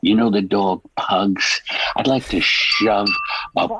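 A man voicing a crude, menacing gangster on a comedy phone show, delivering slow deadpan threats. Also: background noise. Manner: slow, deadpan menace with sudden squeaky mocking voices. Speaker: comedy podcast co-host. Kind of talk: improvised gangster character on a prank phone show.

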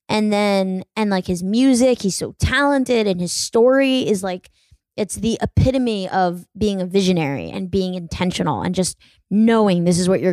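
A woman's voice: mid-range voice, a little mellow, no room sound. A young woman hosting a podcast, chatting casually in a rambling, self-deprecating way full of fillers. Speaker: podcast host. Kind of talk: casual solo chat.

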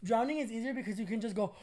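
A young woman co-hosting a podcast in casual chat, slangy and quick to laugh. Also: fairly high pitch, a little mellow. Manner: chatty, laughs often, slangy. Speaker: podcast co-host.

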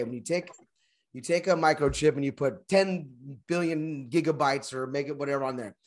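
A man in a casual discussion, thinking aloud in halting, restarting sentences. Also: on the high side.

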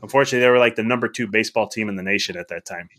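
Fast-talking, bright-voiced man telling stories. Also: lowish voice. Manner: animated, acts out dialogue, many restarts. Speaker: podcast guest. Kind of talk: casual storytelling.

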